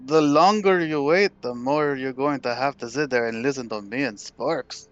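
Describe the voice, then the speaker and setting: A man's voice: medium pitch, moderate pace, no echo, muffled recording, faint music behind. A man playing a tabletop game, joking and arguing rules in casual chat. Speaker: player.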